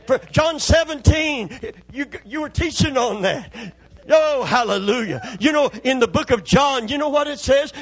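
A man's voice: extremely high pitch, lively intonation, unhurried, a bit bright, no room sound. A man preaching a sermon as pastor, folksy and impassioned.

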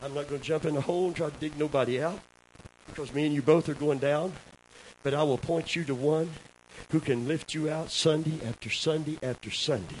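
A man preaching a sermon, dropping low for asides and rising to loud shouts while calling for amens. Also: brisk, low-quality recording. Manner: calls for amens from the congregation. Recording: faint hiss.

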